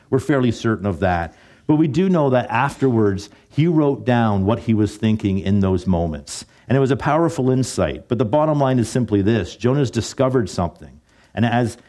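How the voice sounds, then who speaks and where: A man's voice: on the low side, warm tone. A man preaching a sermon as pastor, joking and conversational, with dry asides to the congregation.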